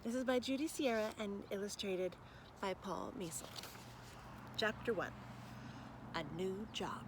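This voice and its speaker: A woman reading a children's chapter book aloud for a library storytime, outdoors, doing expressive voices for the characters. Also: mid-range voice, a little slow, pauses often, noisy background. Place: outdoors in bright morning sun.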